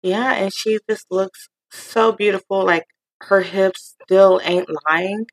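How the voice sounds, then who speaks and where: A woman's voice: mid-range voice, fairly even intonation, takes it slowly, low-quality recording. A woman co-hosting a podcast, chatting casually about pop culture, laughing often and trailing off mid-thought. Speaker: podcast co-host.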